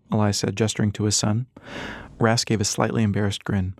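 A man narrating an audiobook in a steady, even manner. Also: fairly low pitch, brisk, dry recording, studio quality. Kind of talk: scripted narration.

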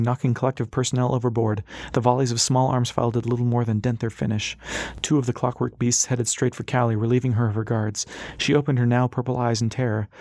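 A man's voice: medium pitch, darkish tone, no room sound. A man reading a fantasy novel aloud as scripted narration, shifting his voice slightly for the characters. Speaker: audiobook narrator.

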